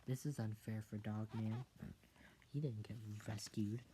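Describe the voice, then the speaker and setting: A reader reading a picture book aloud in a casual, soft style, adding whispered side comments. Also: medium pitch, steady tone, unhurried, husky.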